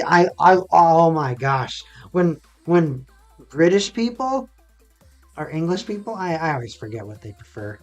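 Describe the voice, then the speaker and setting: A laid-back, sarcastic streamer from North America, chatting casually and rambling on a live stream. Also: medium pitch.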